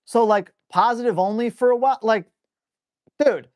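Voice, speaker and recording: A man's voice: very high voice, moderate pace, darkish tone, no room sound, clean studio sound. A man hosting a live stream Q&A on dog training, who reads viewer questions aloud and answers in a blunt, casual, salty way.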